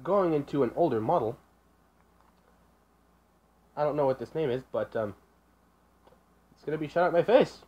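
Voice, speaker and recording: A man with a husky voice talks casually over a reaction video, sarcastic and quick to curse. His pitch jumps around a lot, and the recording sounds dull and lo-fi. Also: animated. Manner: sarcastic, swearing, exasperated.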